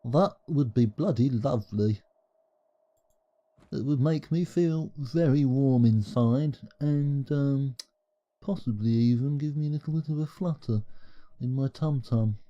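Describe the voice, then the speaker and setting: A man putting on the voice of a soppy, sentimental fellow who gushes in a twee, drawn-out way. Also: medium pitch, mellow, highs cut off, natural voice. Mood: gushing.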